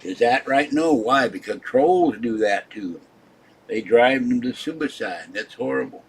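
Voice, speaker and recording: A man's voice: mid-range voice, lively intonation, normal speed, a bit bright, slightly rough. An older man hosting a live stream, rambling and scolding his chat viewers in an irritable, complaining way. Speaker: livestream host.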